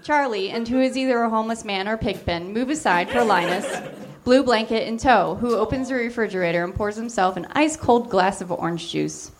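A woman giving a deadpan, matter-of-fact comic reading of fan fiction on a theater stage. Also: fairly high pitch, a little fast, slight background noise. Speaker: reader.

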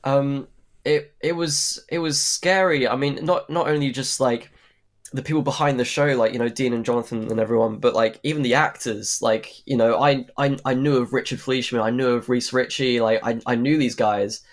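A young man talks casually in an interview, circling his points with "like" and "um" and restarting sentences. His voice sits at a middle pitch for a man. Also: steady tone, moderate pace. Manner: rambling, many fillers and restarts. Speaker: actor guest.

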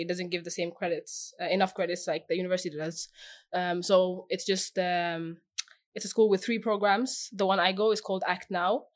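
A young woman from Norway with a Norwegian accent, a podcast guest chatting casually, laughing often and pausing on fillers. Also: medium pitch. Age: young adult. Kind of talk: casual interview chat.

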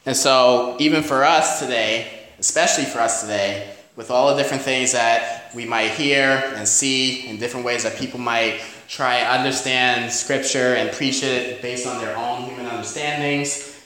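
A man with a New York accent preaches a sermon in a relaxed, conversational way. His voice sits at a middle pitch, and he often checks in with "amen?" The sound rings heavily in a very echoey church hall. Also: normal speed. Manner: conversational, with frequent "you know" and "amen?". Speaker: pastor.

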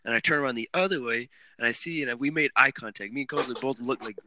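Young man telling stories, bright voice. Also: mid-range voice, quick pace, a little hiss or hum. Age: young adult. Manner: animated, swearing, laughing storyteller. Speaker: podcast host. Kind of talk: casual chat.

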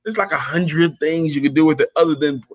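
A man hosting a casual morning chat, upbeat and quick to laugh, who also reads aloud slowly and with emphasis. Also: fairly high pitch. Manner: upbeat, laughs often, slow emphatic reading. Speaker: host.

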